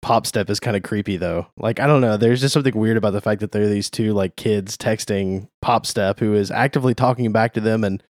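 A man with a lowish voice talks casually on a podcast about comics, rambling through his thoughts. The recording is dry and close, with no room sound. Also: fairly quick, hardly any pauses, a little mellow, dry recording. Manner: chatty, rambling, laughs at his own jokes. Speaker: podcast co-host.

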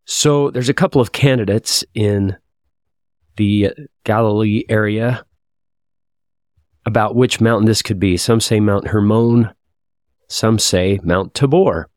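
A man's voice: fairly low pitch, takes it slowly, long pauses, a little mellow, no room sound, studio quality. A man teaching a scripture lesson, reading verses aloud and reflecting in a confessional, thoughtful way.

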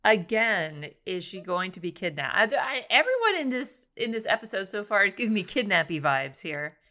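A woman's voice: medium pitch, big pitch swings, moderate pace, bright, forceful tone. A woman co-hosting a podcast, chiming in with wry jokes and teasing questions. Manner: wry, jokey interjections. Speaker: podcast co-host. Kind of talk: casual comedic chat.

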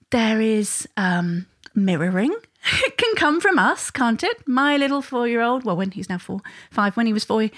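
A woman, talking straight to viewers about parenting in a conversational way, often adding tag questions. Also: on the high side. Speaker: parenting educator.

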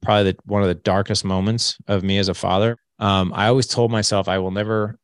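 A man's voice: fairly low pitch, little pitch movement, fast, no room sound, clean studio sound. A man in his late forties, a podcast guest telling his life story candidly and acting out the dialogue with animation. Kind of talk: storytelling in an interview.

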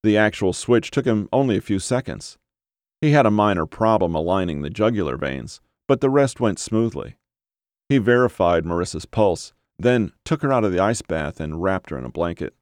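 Deep male narrator, dry close sound, steady measured horror audiobook read. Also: no echo.

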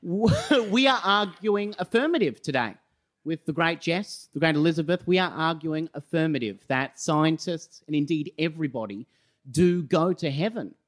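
Aussie guy doing a stand-up debate bit, dry sarcastic delivery, voice jumps all over the place, pitched a bit high. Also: expressive, normal speed. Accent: Australian. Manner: sarcastic-sounding, self-mocking. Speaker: comedy debater. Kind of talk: live stand-up debate speech. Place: live comedy venue stage.

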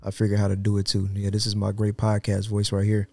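A man's voice: lowish voice, monotone, fast talker, creaky, dark tone, dry recording. A man co-hosting a casual podcast, joking and slangy, talking into a studio mic. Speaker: podcast co-host.

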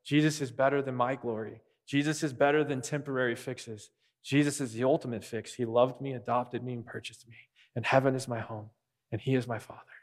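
A man's voice: medium pitch, fairly even intonation, fairly quick. A man preaching a sermon as pastor, earnest and repeating key phrases for emphasis. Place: church sanctuary. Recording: long reverb of a large hall.

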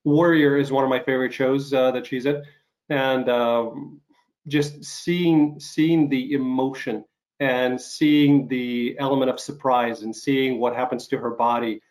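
A man hosting an interview show, recovering from an illness and coughing now and then, speaking haltingly with many fillers and restarts. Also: mid-range voice, fairly even intonation, a little mellow. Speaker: talk show host. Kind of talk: casual interview chat.

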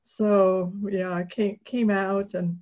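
A woman guest in an interview, telling a personal story in a casual, animated way with many fillers and restarts, often laughing. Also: medium pitch, slow. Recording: dull lo-fi recording.

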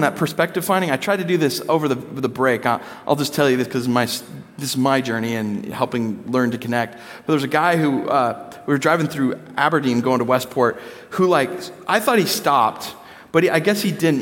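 A man's voice: mid-range voice, fairly quick, a bit bright. A man in his thirties preaching a conversational sermon, acting out quotes with playful voices. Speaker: pastor. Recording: long hall reverb.

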